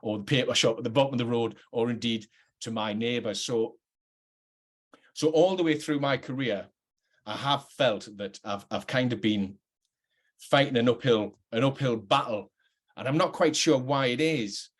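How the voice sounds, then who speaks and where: A man's voice: mid-range voice, moderate pace. A middle-aged man with a working-class Geordie accent, an actor reflecting earnestly and hesitantly on his career, often restarting his sentences. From North East England. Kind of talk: reflective talk to camera.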